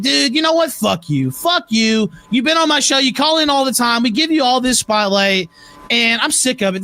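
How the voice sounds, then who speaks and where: A man hosting a livestream show, ranting angrily with heavy profanity and shouting at times. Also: sits high. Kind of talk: heated livestream rant.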